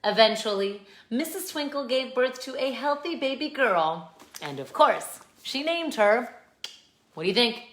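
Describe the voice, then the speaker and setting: A woman who hosts a channel reads a children's picture book aloud, her voice on the high side, animated, and unhurried. She reads expressively and chats with viewers between pages, and the room sounds echoey.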